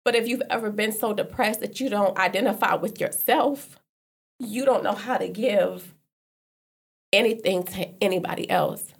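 A woman's voice: mid-range voice, normal speed, vocal fry, slightly rough. A woman candidly telling a personal story in loose, casual conversation, often restarting and filling with "like". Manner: earnest, repeats herself with "like", loose casual speech. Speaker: guest sharing a personal story.

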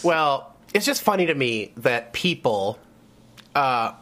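A man's voice: mid-range voice, very animated, takes it slowly, fairly bright tone. A young man co-hosting a casual comedy podcast, joking and riffing. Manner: joking, mock-announcer delivery. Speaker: podcast co-host.

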